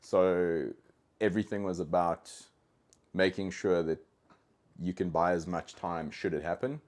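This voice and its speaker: Podcast guest: low-voiced South African man, chatty and rambling, lots of restarts. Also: steady tone, measured pace, darkish tone. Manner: rambling, with frequent restarts and fillers. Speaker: guest, dog trainer. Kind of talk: casual podcast conversation.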